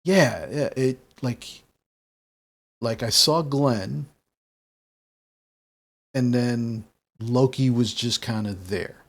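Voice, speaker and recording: A man's voice: mid-range voice, fairly even intonation, normal speed, vocal fry, a little mellow. A man doing a hesitant shaken teen boy. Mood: unsure. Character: shaken nervous teenage boy.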